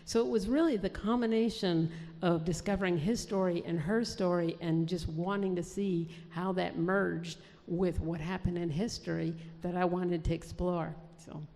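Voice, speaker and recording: A woman's voice: on the low side, fairly even intonation, normal speed, warm tone. A woman novelist from New Jersey answering interview questions in a chatty way, with many restarts. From New Jersey, USA. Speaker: historical fiction author, guest. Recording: long hall reverb.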